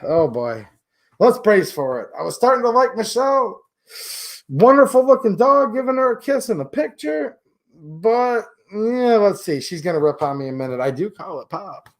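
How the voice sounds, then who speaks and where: A man's voice: high voice, big pitch swings, normal speed. A man with a slightly raised voice hosts a casual livestream. He chats and jokes with his viewers in loose, rambling asides. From Michigan. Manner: chatty, joking, rambling asides. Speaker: livestream host. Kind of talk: casual livestream chat reading viewer comments.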